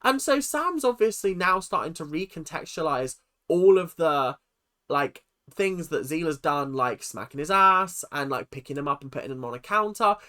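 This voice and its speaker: Animated recap ranter. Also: medium pitch, normal speed. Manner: emphatic, exasperated, asks rhetorical questions. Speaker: reality TV recap vlogger. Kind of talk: ranting commentary to camera.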